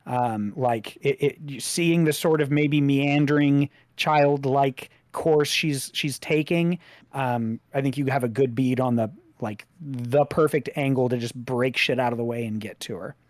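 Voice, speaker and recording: A game master running a tabletop role-playing game, describing scenes in a slow, meandering way. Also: medium pitch, dry recording.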